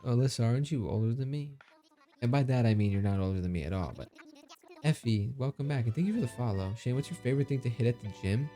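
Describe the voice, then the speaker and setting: A man's voice: mid-range voice, expressive, fast, dark tone, faint music behind. A man in his thirties chatting casually on a live stream, joking, laughing and reading out chat messages. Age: 30s. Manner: joking, reads chat aloud, laughs often.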